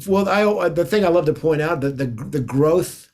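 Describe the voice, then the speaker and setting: A man's voice: fairly high pitch, lively intonation, moderate pace, a little mellow. A man from the United States, a guest guitarist, chatting casually in an interview as an enthusiastic, rambling storyteller.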